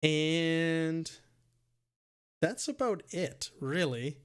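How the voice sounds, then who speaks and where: A man's voice: on the high side, animated, extremely slow, clean tone. A man narrating as dungeon master of a tabletop game, often stumbling and repeating words as he describes scenes.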